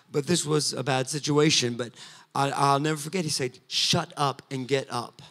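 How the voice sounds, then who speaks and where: A man preaching a sermon, moving between quiet, conversational asides and loud, sing-song exhortation. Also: mid-range voice. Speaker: pastor. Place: church sanctuary.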